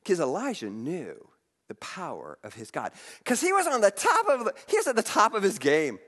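Brief: high-voiced male preacher, animated delivery, reverberant hall. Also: normal speed, breathy edge. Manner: animated, restarts often, reads scripture aloud. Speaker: pastor. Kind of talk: storytelling sermon.

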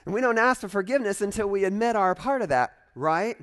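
A man preaching a sermon as a pastor, in an animated, conversational way with frequent asides to the congregation. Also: high-pitched, quick pace.

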